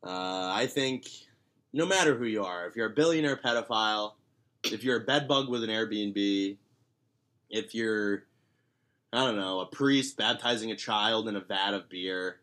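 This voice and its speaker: A man's voice: lowish voice, unhurried, a bit bright. A man co-hosting a casual podcast, joking and rambling with fillers and restarts. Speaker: podcast co-host.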